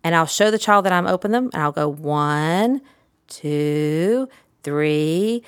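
A middle-aged woman, a pediatric therapist, giving an instructional talk in a lively, demonstrative, emphatic way. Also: lowish voice, racing, clean tone, no room sound, studio quality.

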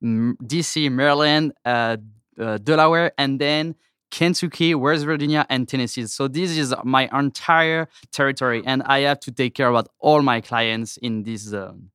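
A man from France with a French accent, a guest sales representative in a podcast interview, speaking halting English and searching for words. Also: mid-range voice, a bit bright, smooth, no room sound, clean studio sound.

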